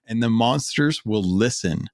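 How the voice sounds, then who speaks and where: A man's voice: mid-range voice, animated, unhurried, darkish tone, dry recording, clean studio sound. A man co-hosting a podcast, chatting casually about video games, rambling with lots of fillers and restarts. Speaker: podcast co-host. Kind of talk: casual gaming chat.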